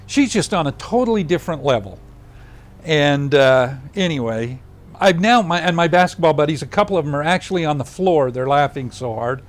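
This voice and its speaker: An older man being interviewed, telling a personal story in a lively way, acting out what others said and dropping to a hushed voice at tender moments. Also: fairly high pitch, fairly quick. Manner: animated storyteller who acts out others' lines.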